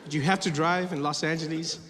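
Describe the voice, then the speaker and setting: A man doing an animated stand-up comedy routine, acting out characters. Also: fairly high pitch, a little fast. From South Africa. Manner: animated storytelling, acts out characters. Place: live comedy venue. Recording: reverberant live venue with noise.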